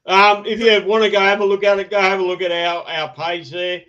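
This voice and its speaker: A man's voice: high-pitched, level tone, a little fast, fairly bright tone, smooth. A man, hosting a casual podcast, rambling with frequent laughs and restarts. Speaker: podcast host. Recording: dull lo-fi podcast audio.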